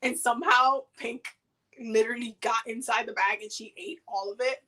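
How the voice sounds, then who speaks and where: High, bright-voiced woman doing chatty card readings. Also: fairly even intonation, moderate pace, poor audio. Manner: chatty and loose, slangy, many fillers and repeats. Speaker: oracle card reader hosting a live reading. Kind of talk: casual livestream chat during card pulls.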